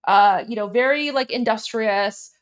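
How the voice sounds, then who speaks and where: A woman hosting a casual livestream, gushing and excitable, repeating herself and calling viewers "guys". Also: fairly high pitch, unhurried. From Iran. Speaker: livestream host.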